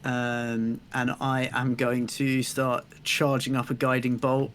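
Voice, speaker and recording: A man's voice: medium pitch, monotone, takes it slowly, a bit bright, a little hiss or hum. A man playing a tabletop game, casual and joking as he plans his turn. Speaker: player.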